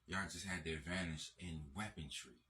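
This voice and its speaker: A man's voice: deep voice, normal speed, sharp tone, a little hiss or hum. A man giving an emphatic, profanity-laced lecturing monologue with lots of repetition. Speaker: channel host.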